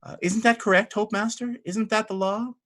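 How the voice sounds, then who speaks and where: A man puts on a sly abbess who turns aside threats with polite, sweet mockery. The voice is bright and lifts at the ends of her lines. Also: sits high, fairly even intonation, moderate pace, voice pushed up. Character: calm sly female abbess.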